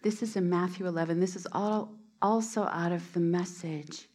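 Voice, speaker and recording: A woman preaching a sermon on a hands-free mic, soft-spoken and often sinking to a near whisper. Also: lowish voice, fairly even intonation, normal speed.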